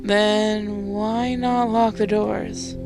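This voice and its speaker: A woman's voice: medium pitch, flat delivery, drawn-out words, over music. A woman voicing a frightened, earnest young woman in a game, reading her lines with worried urgency. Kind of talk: reading game dialogue aloud.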